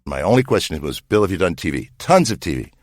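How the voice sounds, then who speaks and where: Low animated director telling an anecdote. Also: male voice, fast talker, no room sound. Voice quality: dry humor, imitates others. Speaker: TV director, interviewee.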